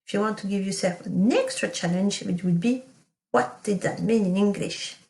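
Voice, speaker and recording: A woman teaching a recorded lesson, sounding out model sentences slowly and carefully. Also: medium pitch, gravelly, darkish tone. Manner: slow, careful enunciation of French model sentences. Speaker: French teacher. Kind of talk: recorded remote language lesson. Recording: echoey room.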